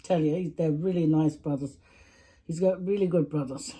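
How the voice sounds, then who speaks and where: A woman's voice: low voice, fairly even intonation, normal speed, dark tone. A woman with a Samoan English accent chatting in a casual storytime vlog while eating, talkative, laughing often and repeating herself. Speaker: vlogger.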